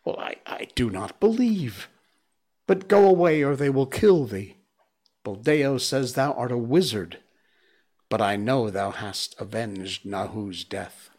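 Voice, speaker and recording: A man's voice: animated, takes it slowly, a little mellow. A man voicing a kind, frightened village mother who pleads in a raised voice. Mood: pleading. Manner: pleading, high-pitched.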